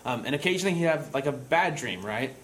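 A younger man preaching a sermon in a relaxed, conversational way, often dropping to a soft, hushed voice when he quotes comforting words. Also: medium pitch, fast talker, slight background noise, low-quality recording. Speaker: pastor.

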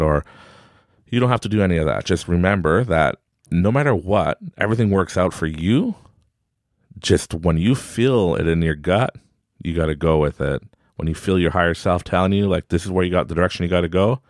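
A man's voice: low voice, no echo, clean studio sound. A man in his forties hosting a podcast, giving a rambling, upbeat motivational talk and laughing often. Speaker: podcast host.

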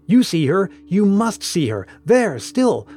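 A man's voice: on the high side, animated, a little slow, darkish tone. A man voicing a haunted, feverish old ship captain who gasps out urgent words and sinks to murmurs. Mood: frantic.

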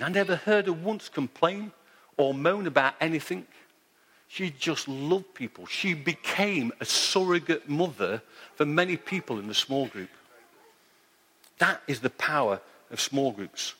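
A man's voice: a little high, a bit bright, in a large hall. A man pastor preaching a sermon, telling stories earnestly and repeating his key point.

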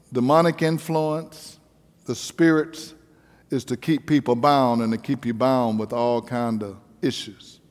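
A man's voice: medium pitch, in a large hall. A male pastor preaching a sermon with an emphatic, repetitive cadence.

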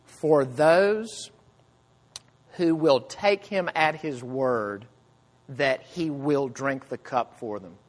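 A man preaching a sermon with earnest emphasis, swinging between loud cries and hushed low phrases. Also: extremely slow, big-room sound. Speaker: pastor.

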